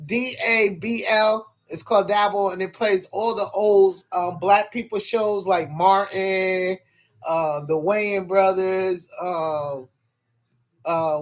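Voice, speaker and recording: A man with a high voice chats casually to his livestream viewers, rambling and swearing through a string of hesitations. He talks at an unhurried, slow pace. He comes from New York. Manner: rambling and profane, full of hesitations.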